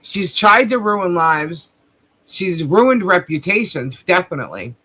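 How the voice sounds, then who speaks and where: A woman running her own livestream, talking straight at her audience in a heated commentary rant. Her voice is bright and forceful, and she swears freely while calling out her opponents. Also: on the low side, very animated, unhurried, husky. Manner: heated, profane, confrontational. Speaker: livestream host.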